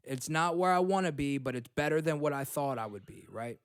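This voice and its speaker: A young man on his own self-help podcast, talking bluntly and swearing freely. His voice sits a bit high and comes through smooth and resonant. The sound is close and dry, with almost no room echo. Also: expressive, brisk. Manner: blunt, swears freely, repeats points with "okay?" and "right?". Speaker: podcast host. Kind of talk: motivational self-help talk. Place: home.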